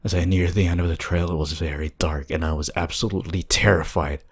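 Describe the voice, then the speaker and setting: Man, very deep voice, husky, horror story narration, hushed, tense. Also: steady tone, quick pace.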